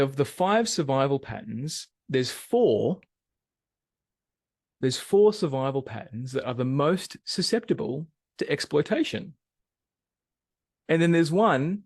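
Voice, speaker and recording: Man, webinar presenter, talks to his audience, mid pitch, dry sound. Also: vocal fry, slightly rough, no room sound. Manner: animated, asks the audience questions. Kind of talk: live webinar talk.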